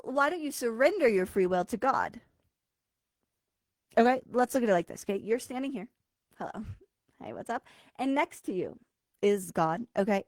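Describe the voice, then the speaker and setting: A woman's voice: mid-range voice, no echo. A woman speaking as a spiritual coach in a live-streamed talk, casual and blunt, often checking in with her listeners. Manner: emphatic, direct, keeps checking in with "okay?"; casual and blunt, swears now and then.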